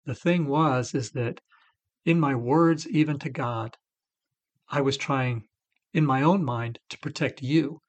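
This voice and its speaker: A man's voice: medium pitch, slow pace. Earnest middle-aged man sharing testimony. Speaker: recovery podcast co-host. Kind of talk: faith-based recovery talk.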